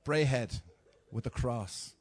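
Older Dublin Irish man, mid-pitched voice, for a chatty, joking informal sermon to a congregation. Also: takes it slowly. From Dublin, Ireland. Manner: chatty and self-mocking, acts out little dialogues. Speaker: preacher. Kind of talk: informal sermon with humorous stories.

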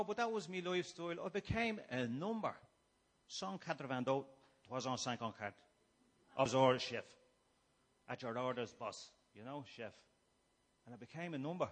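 A middle-aged Irish man giving a humorous personal testimony to a gathering, shifting between quiet musing and loud, acted-out shouting. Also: a little high. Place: room before a live gathering.

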